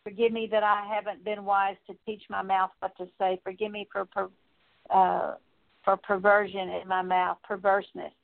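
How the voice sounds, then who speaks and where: A woman's voice: mid-range voice, little pitch movement, normal speed, gravelly. A woman leading an earnest, repetitive spoken prayer of confession, with occasional fillers. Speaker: prayer leader. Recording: tinny phone-like audio.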